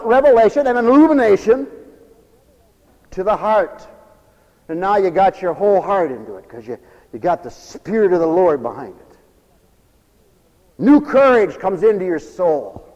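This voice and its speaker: Fervent high-voiced preacher in a hall. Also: male voice, dull audio. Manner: fervent, repetitive, swings from shouts to low murmurs. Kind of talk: sermon. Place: church. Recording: long reverberant hall, radio broadcast tape.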